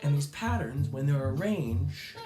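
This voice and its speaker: A man teaching a recorded music lesson to children, slow, patient and encouraging, sometimes making playful animal sounds. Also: on the high side, animated, reverberant.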